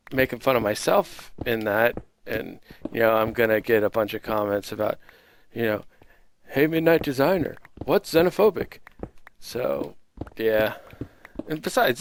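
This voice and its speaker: A man's voice: mid-range voice, vocal fry, a little hiss or hum. An American man hosting a casual Minecraft video, rambling with many fillers and self-deprecating asides. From United States. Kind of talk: casual gameplay commentary.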